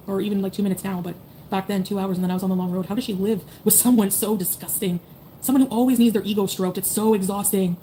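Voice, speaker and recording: Woman streamer in her 30s, rapid and blunt, swears freely, faint background hiss. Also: medium pitch, warm tone. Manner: blunt, profane, rambling with many "like"s and "you know"s. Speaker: streamer talking to chat. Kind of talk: casual livestream chat.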